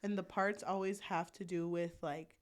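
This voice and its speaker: A woman co-hosting a podcast, chatting casually about a novel, animated, swearing freely and laughing often. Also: lowish voice, moderate pace. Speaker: podcast co-host. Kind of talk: casual book chat.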